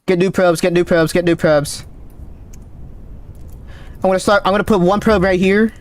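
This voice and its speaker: A man streaming a game live, calling out readings with excited running commentary, his voice cracking. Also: high voice. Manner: excited, calls out numbers rapidly. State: voice cracking, thirsty. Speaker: gaming streamer.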